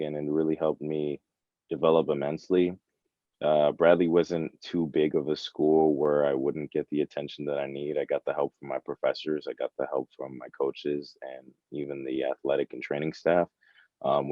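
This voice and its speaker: A man's voice: very deep voice, no echo, dull audio. A young man in his early twenties, a college track athlete, talking casually and earnestly as a guest, often saying "you know" and "like.". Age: early 20s. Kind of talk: casual interview chat.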